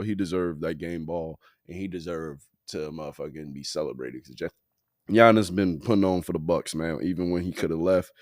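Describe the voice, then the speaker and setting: A man's voice: low voice, darkish tone, no room sound, studio quality. Tired, slangy man hosting a sports podcast. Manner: slangy, profane, loose and rambling. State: tired, yawning. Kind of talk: casual sports talk.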